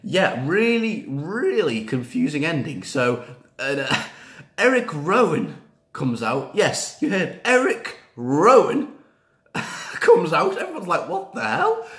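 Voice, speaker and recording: Excitable man with a bouncy, lively voice. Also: on the high side, slow, reverberant. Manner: excitable, rambling, frequent fillers and repeats, bursts of cheering. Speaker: wrestling reaction vlogger. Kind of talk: excited casual reaction chat.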